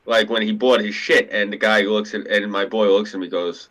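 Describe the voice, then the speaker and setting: A man's voice: on the low side, moderate pace, few pauses, fairly bright tone, poor audio. A man chatting casually on a podcast, telling rambling, profane stories and acting out the people in them. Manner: profane, rambling storyteller who acts out quotes. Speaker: podcast co-host. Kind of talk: casual chat.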